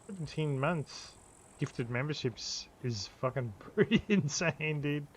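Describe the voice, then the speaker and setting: A man's voice: a little high, expressive, slow pace. A man streaming a survival game, swearing freely and talking himself through the play. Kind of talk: live gameplay commentary. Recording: faint background noise.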